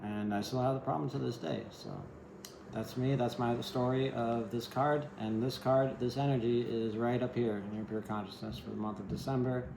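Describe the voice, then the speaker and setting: A man's voice: medium pitch, steady tone, moderate pace, gravelly, noisy background. A man giving a casual tarot reading in a rambling way, often asking "right?" and adding wry, self-deprecating asides. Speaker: tarot reader. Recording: echoey room.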